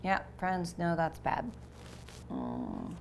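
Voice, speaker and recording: Expressive woman teacher reading a picture book. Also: sits low, extremely slow, creaky, a little hiss or hum. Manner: expressive storybook reading with sound effects.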